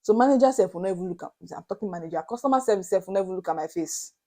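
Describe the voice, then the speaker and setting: A young Nigerian woman vlogger retelling a story to her viewers in an animated, dramatic way, slipping into Pidgin asides. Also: mid-range voice, rapid-fire. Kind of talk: storytelling to camera.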